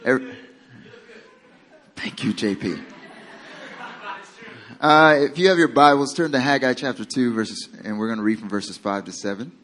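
A man's voice: medium pitch, normal speed, long pauses, a bit bright. A man with a Southern American accent preaching a sermon as pastor, talking casually and joking with his congregation. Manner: casual and self-deprecating, with a joking aside.

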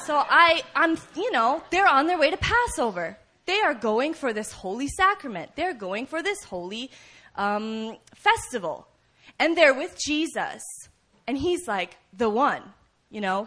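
Animated woman preaching a sermon. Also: sits high, a little slow. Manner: animated storytelling, acts out voices and shouts; conversational, frequent "right?" asides.

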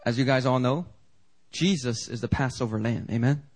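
A man preaching a sermon as pastor in a church, animated and conversational, with quick asides to the congregation. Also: mid-range voice, low-quality recording. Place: church sanctuary.

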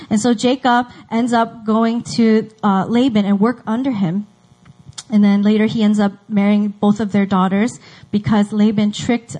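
A woman's voice: mid-range voice, a little mellow, low-quality recording. A woman teaching a Bible story in a casual, chatty way, acting out the characters' lines.

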